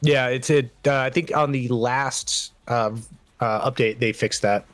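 A man's voice: mid-range voice, steady tone, unhurried, a bit bright, no echo, soft background music. A man joking and laughing often as a co-op partner in casual banter while gaming.

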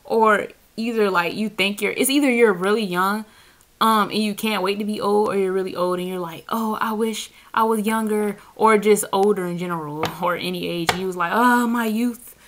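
A woman's voice: mid-range voice, steady tone, fairly quick. A woman reading tarot in a casual, profane chat to camera, laughing often as she talks. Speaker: tarot reader. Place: seated indoors on a squeaky chair.

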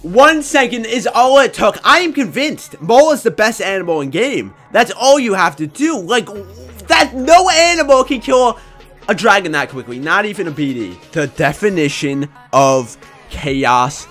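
A young man commentating his own gameplay in a casual, excitable way, often breaking into shouts. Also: sits high, moderate pace, soft background music. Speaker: gaming YouTuber.

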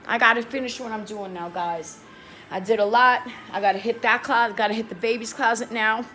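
A woman's voice: a little high, steady tone, a little fast, pushed and bright, soft background music. A young woman talking straight to her viewers, heated and pleading, swearing and repeating herself. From New York. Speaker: vlogger. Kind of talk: emotional talk to camera.

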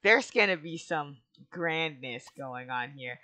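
A woman's voice: sits low, expressive, slow, sharp tone. A woman hosting casual game commentary, playful and melodramatic, breaking into wailing shrieks between chatty asides. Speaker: gaming channel host.

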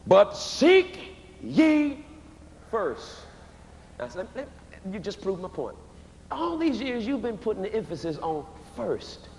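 A man's voice: sits high, sing-song, moderate pace. Man, guest preacher, live sermon, emphatic, rhythmic, echoing church hall, faint room noise. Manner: emphatic, rhythmic preaching with sudden shouted peaks. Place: large church before a live congregation.

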